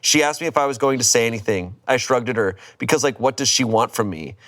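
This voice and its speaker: A man's voice: medium pitch, animated, fast, a bit bright. A man casually reading a story aloud, swearing freely, breaking into laughter and mock outrage. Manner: reads dramatically, swears, laughs, voices outrage. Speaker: host reading stories aloud.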